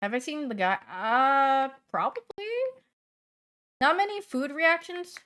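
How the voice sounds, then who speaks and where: A young woman streamer in casual livestream chat, playful and chatty, answering her chat and swinging from loud bursts to mumbling asides. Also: sits high, big pitch swings, takes it slowly.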